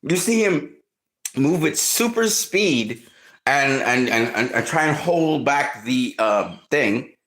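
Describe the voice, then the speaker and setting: A man in casual film commentary, excitedly retelling movie scenes, swearing often and acting out reactions. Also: mid-range voice, takes it slowly.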